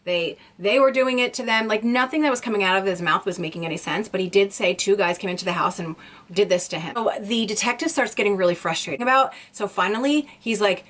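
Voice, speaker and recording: A woman's voice: mid-range voice, quick pace, fairly bright tone. Chatty woman retelling a crime story. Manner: rambling, restarts, frequent "like". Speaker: YouTuber. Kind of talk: casual true crime storytelling.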